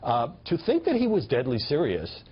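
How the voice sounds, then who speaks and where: A man hosting a TV panel discussion, putting brisk questions to his guests. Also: medium pitch, wildly swooping pitch, breathy edge, lo-fi sound. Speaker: host.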